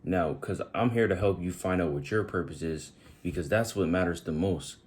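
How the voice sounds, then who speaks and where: A motivational video host speaks to his viewers in a low, darkish voice at a normal speed. His talk is casual and direct, and he keeps asking them questions.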